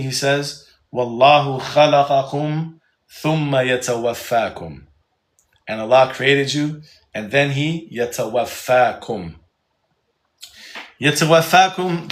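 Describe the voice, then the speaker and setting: A man's voice: mid-range voice, fairly bright tone, echoey room. A man teaching a live Quran class, casual and joking, often restarting his sentences.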